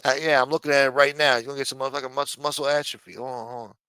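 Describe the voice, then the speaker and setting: A man's voice: mid-range voice, fairly even intonation, rapid-fire, pushed and bright, clean tone, no echo. A man with a New Jersey accent hosting a casual livestream, reading the chat aloud in rambling, profane street talk. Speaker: livestream host.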